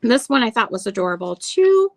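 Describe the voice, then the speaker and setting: A woman's voice: medium pitch, unhurried, vocal fry, no room sound. A woman hosting a live sale of vintage items, chatting casually and reading old card verses aloud. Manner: chatty, lingers over details, reads card verses aloud. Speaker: online seller showing vintage items. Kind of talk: casual live sales chat.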